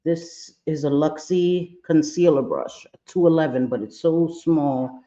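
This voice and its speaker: A man's voice: fairly high pitch, a little slow, warm tone. Chatty man doing makeup on a lo-fi stream. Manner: chatty, playful, scolds his own eye and brush aloud. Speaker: makeup vlogger. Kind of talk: casual makeup tutorial livestream.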